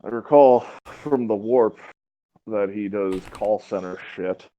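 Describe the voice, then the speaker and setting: A man's voice: lowish voice, takes it slowly. A man in a casual chat, cutting in with brief, profane reactions. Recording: dull lo-fi recording.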